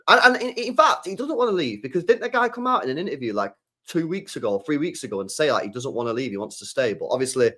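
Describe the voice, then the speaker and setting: A young man, chatting casually about football transfer news, animated, repeating himself and swearing often. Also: mid-range voice. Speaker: football fan channel host.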